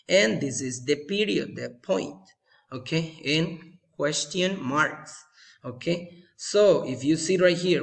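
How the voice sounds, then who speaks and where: Man teaching an English lesson, slightly high. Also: vocal fry, fairly bright tone. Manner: slow, repetitive, checking with "okay?". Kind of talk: recorded video lesson.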